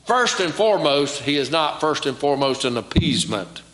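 Bright-voiced pastor preaching, echoey church. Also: male voice, fairly high pitch, very animated, moderate pace. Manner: preaching with call-and-response questions to the congregation. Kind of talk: sermon. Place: church sanctuary.

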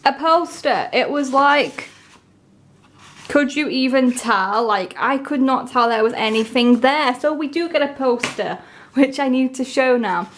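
A woman's voice: sits high, measured pace, slight background noise. Gushing young woman unboxing. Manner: gushing, excitable, breaks into gasps and soft whispers. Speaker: vlogger unboxing albums. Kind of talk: casual unboxing narration.

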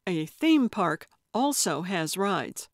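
A woman's voice: fairly low pitch, very animated, takes it slowly, no echo, clean studio sound. A woman voicing a blunt, sardonic female companion. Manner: blunt, chortling.

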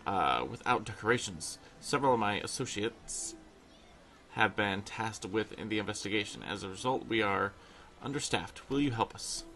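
A man's voice: on the low side, normal speed, pushed and bright, soft background music. A man reading out a formal festival organizer's lines, plainly and with stumbles. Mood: earnest. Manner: reading quest text aloud, stumbling over words.

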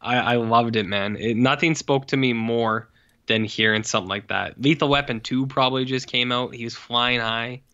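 A man's voice: medium pitch, moderate pace, pushed and bright, clear, resonant tone. Brief: male co-host, casual swearing banter, muffled lo-fi podcast sound. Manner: jokey, sarcastic, swearing freely. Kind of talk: casual film review chat.

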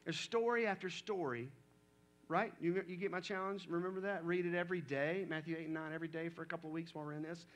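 A man's voice: fairly high pitch, steady tone, quick pace. A male pastor preaching a sermon in a conversational way, reading scripture aloud and talking it through.

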